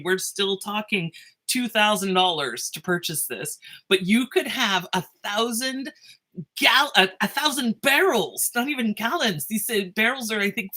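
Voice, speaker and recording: A woman teacher with a mid-range voice talks casually to her students in a video recorded on her phone. She's excitable and animated, often breaking off to laugh.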